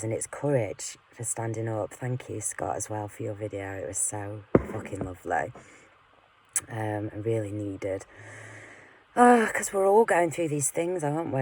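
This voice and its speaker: A woman in an unscripted vlog rant, swearing often and rambling with fillers as she moves between loud outbursts and muttered asides. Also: rumbling low. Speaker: vlogger. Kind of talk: unscripted personal rant to camera.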